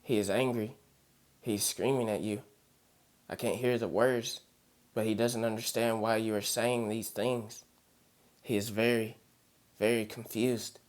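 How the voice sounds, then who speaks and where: A man voicing a short woman medium who explains a spirit's feelings in a calm, measured, somber way. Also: lowish voice, natural voice.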